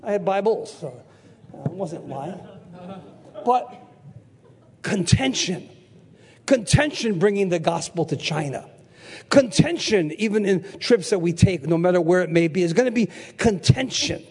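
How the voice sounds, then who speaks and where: A husky man in his sixties delivers an animated sermon in a high, lively voice. He tells stories and shouts his main points. The sound carries a long echo from a large hall. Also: a little slow, pauses often. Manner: animated, storytelling, shouting for emphasis. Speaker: preacher. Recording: echoey hall.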